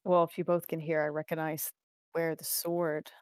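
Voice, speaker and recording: A woman's voice: deep voice, level tone, moderate pace, dry recording, studio quality. A woman playing a character in a casual tabletop game, chatting in and out of character. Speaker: player.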